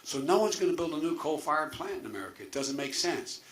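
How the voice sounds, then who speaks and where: A man's voice: a little high, very animated, quick pace, a bit bright. An older man, a political candidate, giving an earnest debate answer full of restarts and trailing asides.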